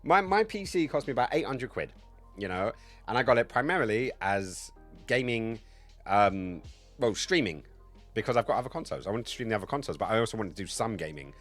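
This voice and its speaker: A man's voice: lowish voice, lively intonation, fairly quick, a bit bright, soft background music. A man in his thirties chatting casually on a game livestream, rambling, crude and joking. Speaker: game streamer.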